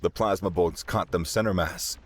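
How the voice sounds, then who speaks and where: A man narrating a sci-fi story in a steady, dramatic way. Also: sits low, moderate pace.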